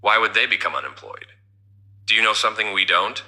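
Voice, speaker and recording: A man voicing a servile, sly male office assistant who speaks with mock politeness in an animated story. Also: lowish voice, a little fast. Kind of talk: scripted character voice.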